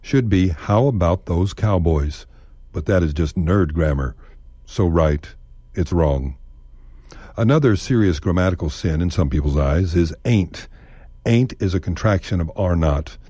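A man's voice: sits low, lively intonation, a little slow, mellow, slightly rough, no room sound. A man with a Texan accent telling stories in a folksy, wry scripted narration. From Texas. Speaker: radio storyteller.

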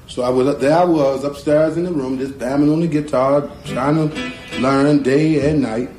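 A man from North Carolina, a guitarist telling a folksy story in an animated way, acting out the voices in it and chuckling often. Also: medium pitch, normal speed, soft background music. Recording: roomy echo.

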